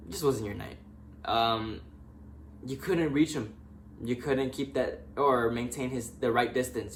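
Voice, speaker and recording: Young dude hyped up about the fights, talks right at the fighters, mid pitch, bit of hiss behind him. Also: male voice. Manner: excitable, talks directly to fighters. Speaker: MMA fan vlogger. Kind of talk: casual fight recap.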